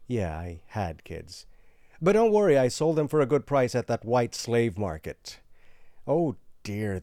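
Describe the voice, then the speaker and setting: A man delivering a sarcastic comedy monologue, swinging between loud outbursts and hushed asides. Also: medium pitch, no echo, studio quality.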